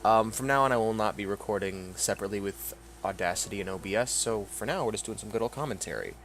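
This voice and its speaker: A man's voice: on the low side, fast, fairly bright tone, slight background noise. A man giving sarcastic, grumbling commentary over a video game, reading the dialogue aloud. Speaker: let's play commentator.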